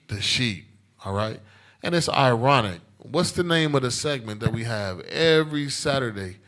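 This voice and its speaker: A man's voice: on the low side, fairly bright tone. A man teaching scripture in an emphatic preaching style, repeating points and checking in with "all right?" after nearly every line. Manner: emphatic, repetitive, calls for responses, tag questions. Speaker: teacher leading a scripture class. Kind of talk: preaching Bible class.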